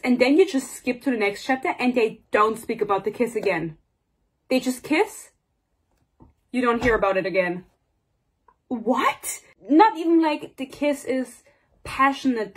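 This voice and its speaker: Husky young woman ranting about a book. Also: fairly high pitch, expressive, moderate pace. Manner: exasperated, sarcastic, swears freely; rambling and digressive. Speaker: book reviewer. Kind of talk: casual book rant.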